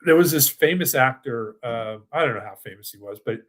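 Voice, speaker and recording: A man's voice: mid-range voice, lively intonation, fairly quick, fairly bright tone. An older man, a financial advisor, hosting a webinar in a chatty, rambling style and answering audience questions. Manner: chatty, with frequent restarts and asides. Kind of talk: casual presentation with live Q&A.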